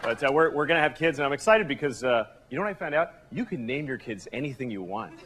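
A man performing a stand-up comedy set on a club stage, talking in a deadpan conversational way with sudden yelps. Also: mid-range voice, fast, a loud crowd. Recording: live club recording, audience and room noise.

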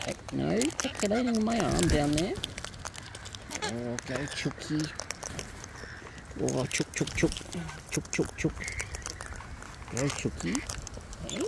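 A woman chatting to her pet birds in cooing, sing-song baby talk, over loud bird noise. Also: low voice, expressive, slow pace, creaky, pauses often. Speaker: bird keeper filming her pets. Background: birds squawking and honking.

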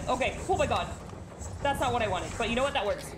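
A woman streaming a game live and talking to her chat at a desk microphone. Her voice sits a little high and swoops all over the place, jumping into sudden yelps of alarm. She is animated and chatty throughout. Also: fast talker, background noise. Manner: animated, jumpy reactions, bursts of shrieks and laughter. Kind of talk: live gaming commentary chatting with viewers.

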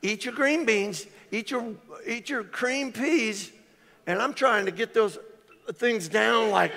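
A man's voice: high-pitched, slow pace, gravelly. An older man preaching a sermon as pastor, telling jokes and stories and acting out the voices of people in them. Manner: animated, joking storyteller acting out voices. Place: church sanctuary. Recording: hall reverb.

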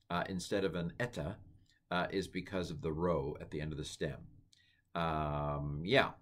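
A man giving a casual Bible Greek lesson, thinking aloud with many fillers and slowly repeating words to try out their pronunciation. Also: low-pitched. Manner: relaxed, thinking aloud with many ums and uhs. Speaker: Greek teacher. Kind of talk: informal Bible language lesson.

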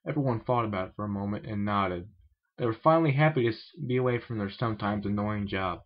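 A man's voice: fairly low pitch, quick pace, muffled recording. A man casually reading a crude fan story aloud, often stumbling over words. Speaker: reader of fan fiction.

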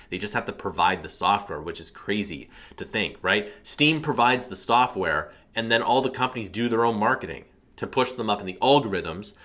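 A man's voice: lowish voice, bright, forceful tone. A man in his thirties, an online course instructor, giving casual commentary to camera in a rambling way, with many fillers and a habit of tagging "right?" onto his points. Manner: rambling, filler-heavy, says "right?" often.

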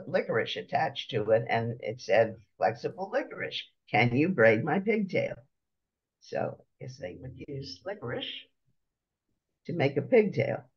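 A man talks through a slide-show lecture at an easy pace, stopping often to explain each picture. His voice sits at an ordinary middle pitch. The recording is dull and lo-fi.

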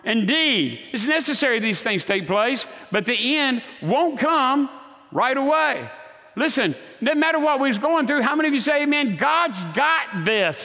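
A man's voice: very high voice, big pitch swings, a little slow, sharp tone, in a large hall. A man preaching a sermon as pastor, emphatic and calling on the congregation for amens. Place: church sanctuary.

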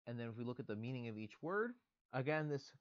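A man's voice: medium pitch, lively intonation, quick pace, dull audio. A man giving a recorded online lecture, explaining grammar step by step in a methodical way with casual fillers.

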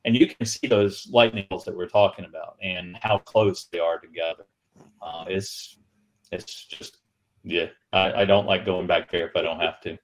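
A man on a video call telling a halting, rambling anecdote about a museum ship, with many restarts. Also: low voice, fairly even intonation, rough recording. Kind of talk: livestream storytelling. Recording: video call audio, feed breaking up.

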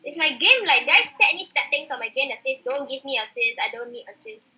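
Woman, gamer, casual chat, complaining, mock-formal, high pitch, very bright tone. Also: very animated, fast talker, low-quality recording.

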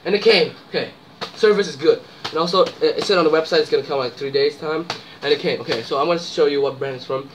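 A man's voice: a little high, fast talker, few pauses, noisy background. A young man chatting casually in a vlog, slangy and playful, often exclaiming and rambling. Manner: slangy, exclaiming, hushed and breathy while eating, loud and playful when reviewing. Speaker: vlogger.

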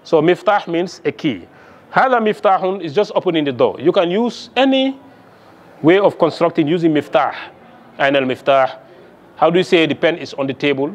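A man's voice: a little high, expressive, normal speed. Man teaching, quizzing with "okay?". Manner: quizzing students with frequent "okay?" checks. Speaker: Arabic lecturer. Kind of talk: classroom lesson.

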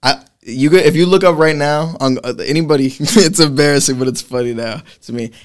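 A man's voice: on the high side, a little fast. A man in his twenties from Massachusetts, a podcast guest talking in a rambling, casual way, full of restarts. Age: 20s. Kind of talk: casual chat.

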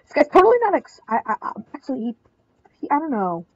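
A woman's voice: sits high, quick pace, no room sound, lo-fi sound. A young woman commentating her own online game, crying out in panic and repeating short phrases over and over. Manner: excitable, squealing and crying out in panic. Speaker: gameplay commentator. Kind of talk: excitable live game commentary.

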